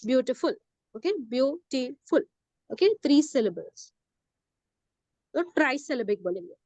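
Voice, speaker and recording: A woman's voice: sits high, very animated, fairly quick, a little mellow, no echo. A woman teaching English grammar, patiently repeating words and checking understanding, mixing in Hindi. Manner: patient, repetitive, often checks "okay?" and slips into Hindi. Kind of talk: classroom lesson.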